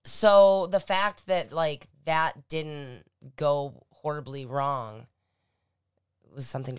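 A woman's voice: sits low, a little slow, clear, resonant tone, no echo, studio quality. A woman co-hosting a podcast, chatting casually with a playful, teasing, profane manner. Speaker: podcast co-host. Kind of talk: casual chat.

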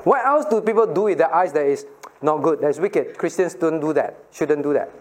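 A man's voice: on the high side, lively intonation, a little fast. A middle-aged man, a pastor giving a playful Bible lesson to children and asking them questions. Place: church room with children.

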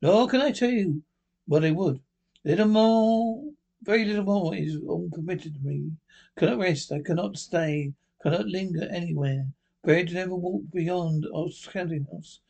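A man's voice: sits high, a little slow, vocal fry, darkish tone, exaggerated voice. Mournful ghost of a man bound in chains , read by a man, grave and solemn. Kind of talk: storybook reading.

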